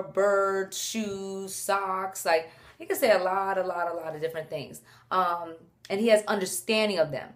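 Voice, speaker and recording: Chatty young mom talking to camera. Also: female voice, mid-range voice, moderate pace, slight background noise. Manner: chatty and animated, breaks off to talk to her baby. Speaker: mom vlogger. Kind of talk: casual chat to camera while holding her baby. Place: at home indoors.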